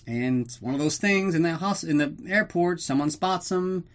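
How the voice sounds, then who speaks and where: A man hosting a podcast, recapping a movie in a loose, profane, joking way. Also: on the high side. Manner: profane, jokey, does quick voices for characters. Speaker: podcast host. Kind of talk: casual comedic movie recap.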